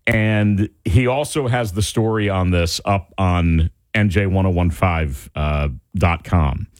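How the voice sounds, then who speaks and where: A man's voice: sits low, slow. A middle-aged man hosting a talk radio show, ranting in an exasperated, casual monologue.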